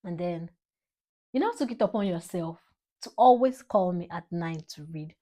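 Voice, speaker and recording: A young woman from Nigeria with a Nigerian English accent, speaking a rambling, heartfelt tribute to her father with sudden bursts of excitement. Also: on the low side, normal speed. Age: young adult. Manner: emotional, rambling, animated spikes of excitement. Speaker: vlogger.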